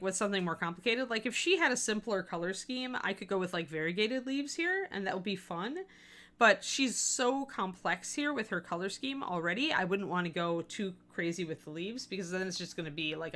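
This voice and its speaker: A woman's voice: mid-range voice, lively intonation, a little fast, fairly bright tone. A woman hosting a live miniature painting stream, talking casually and thinking aloud with plenty of fillers.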